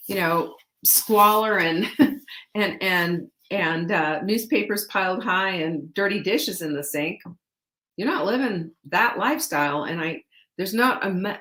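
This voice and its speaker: A woman's voice: mid-range voice, fairly bright tone, roomy sound. A woman hosting a live-stream show, talking to her viewers in an earnest, emphatic way, restarting phrases and laughing a little. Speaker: show host.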